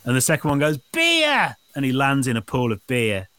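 A man in his thirties, a podcast co-host, telling dad jokes casually and acting out the characters with high squeaky voices. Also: quick pace, dry recording. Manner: animated, acts out joke voices with high squeaks. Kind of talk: casual dad-joke swapping.

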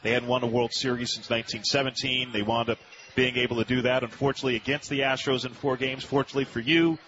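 A man's voice: mid-range voice, steady tone, quick pace. A man hosting a sports radio interview, leading in with long rambling questions full of fillers. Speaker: radio host. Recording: muffled radio audio with noise.

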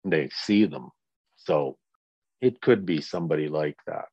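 A man's voice: extremely low pitch, lively intonation, a little slow, a little mellow, dry recording, lo-fi sound. A man in his sixties, a grieving father giving a blunt, profane interview and acting out the people he quotes. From Canada. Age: 60s. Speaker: guest, victim's father. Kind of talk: candid interview.

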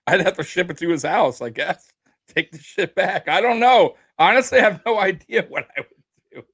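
Male co-host, jokey banter with frequent laughs, high animated pitch. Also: normal speed, breathy edge, dry recording. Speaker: podcast co-host. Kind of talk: casual sports chat.

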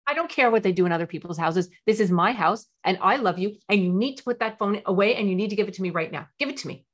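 A woman playing a mother who sets a phone rule for her teenager, with steady and caring delivery. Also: mid-range voice, quick pace. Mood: firm. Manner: firm, then calm and soothing.

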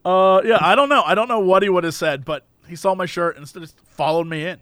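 A man's voice: high voice, fairly quick, fairly bright tone, no echo. A man in casual chat, telling a story and acting out the voices of the people in it.

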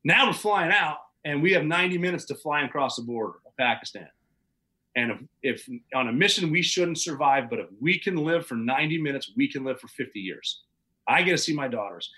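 Bright-voiced man telling a story. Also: on the high side, expressive, brisk, rough recording. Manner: vivid, matter-of-fact recounting with occasional chuckles. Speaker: podcast guest. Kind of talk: casual spoken storytelling.

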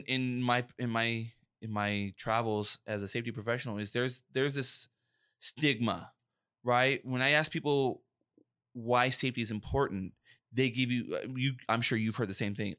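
A young man talks through workplace safety on a casual podcast, animated and emphatic, slipping into little acted-out quotes. His voice sits mid-range and is recorded close and dry with no room sound. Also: medium pitch, smooth, no room sound. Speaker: podcast co-host, safety professional.

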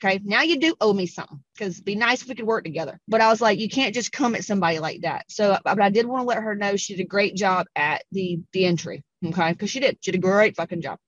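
A woman's voice: mid-range voice, fast, few pauses, no echo. Southern woman podcast host, blunt and salty, dry and slightly muffled sound. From American South. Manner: blunt, profane, animated, puts on voices for quotes. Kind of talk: casual storytelling monologue.

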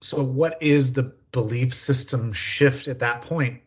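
A man hosting a podcast, answering in slow, halting, reflective phrases. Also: medium pitch, husky. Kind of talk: reflective conversation. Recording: dull lo-fi sound.

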